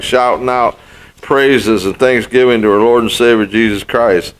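An older male pastor gives a sermon in a mid-pitched voice. His style is folksy and story-driven, and he repeats key phrases to drive them home. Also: fairly even intonation, moderate pace, smooth, poor audio.

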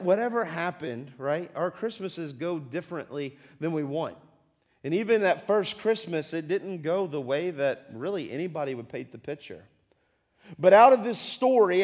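A male pastor with a high-pitched voice delivers a sermon to his congregation in a church. His delivery is conversational, full of check-ins with the room. He acts out voices from the story as he goes. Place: church sanctuary.

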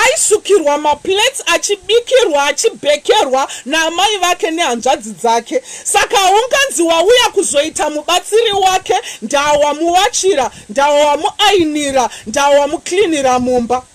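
A woman evangelist, preaching a sermon with animated, repetitive emphasis. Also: extremely high pitch, normal speed, few pauses, rough recording. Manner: animated preaching, repeating phrases.

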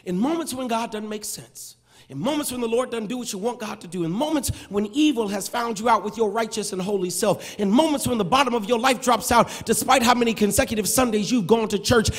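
Man preaching a sermon, high voice, big long church echo. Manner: shouting, sing-song preaching cadence with humor. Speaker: pastor. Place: large church sanctuary.

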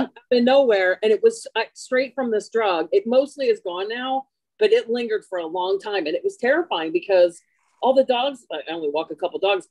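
Woman on a video call, chatty and self-mocking, dry sound with no room echo. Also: fairly high pitch. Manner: chatty, self-deprecating, animated storytelling. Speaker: workshop participant. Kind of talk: casual show-and-tell.

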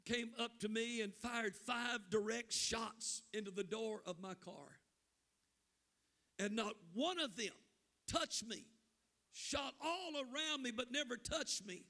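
A man preaching a Pentecostal sermon in church, impassioned and shouting. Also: extremely high pitch. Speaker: pastor.

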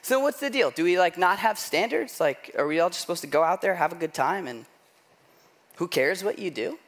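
A man's voice: high voice, animated, a little fast. A middle-aged man preaching a sermon, telling a self-deprecating story in a loose conversational way, often asking "right?". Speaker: pastor.

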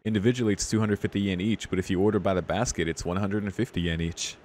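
A man's voice: deep voice, steady tone, fast, few pauses, a little mellow, slight background noise. A man reading a visual novel aloud, breaking off into swearing, laughing commentary between the lines. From United States. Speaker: visual novel let's player. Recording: music playing behind the voice.

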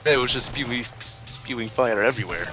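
Give me a jokey young man chatting over a game, with game music clearly behind him. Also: medium pitch, normal speed. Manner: jokey, laughs often, playful. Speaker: gameplay co-commentator. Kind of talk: casual gaming chat. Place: home, at a computer.

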